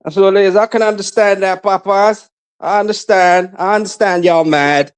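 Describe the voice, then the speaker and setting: A man's voice: sits high, steady tone, normal speed, clean tone, dry recording. A man trash-talking and taunting his haters in casual stream chat. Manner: repeats himself, mocking. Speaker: live stream guest.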